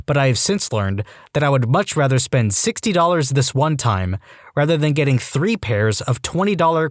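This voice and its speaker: A man narrating a podcast, reading internet posts aloud in an expressive voice that swings widely in pitch. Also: no room sound, clean studio sound.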